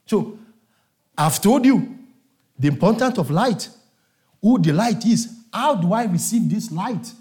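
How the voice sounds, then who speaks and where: A man's voice: sits high, animated, measured pace, long pauses, dark tone. A man preaching a sermon to a congregation, emphatic and repetitive, calling on his listeners to answer.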